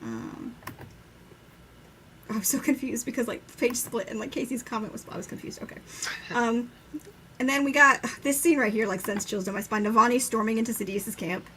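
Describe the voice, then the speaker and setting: A young woman co-hosting a casual live-stream book chat, enthusiastic and quick to swear, acting out quotes with laughter. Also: fairly high pitch, a bit bright, slight background noise. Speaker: book discussion co-host.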